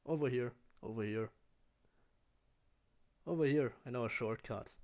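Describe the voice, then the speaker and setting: A man voicing a laid-back, joking male skeleton sentry from a video game, reading the lines in a chill, unhurried drawl. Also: medium pitch, darkish tone, close to an everyday voice. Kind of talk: reading game dialogue aloud.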